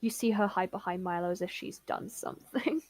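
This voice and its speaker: A woman's voice: lowish voice, brisk, darkish tone, no echo. A woman running a tabletop game as game master, narrating scenes and voicing the characters lightly.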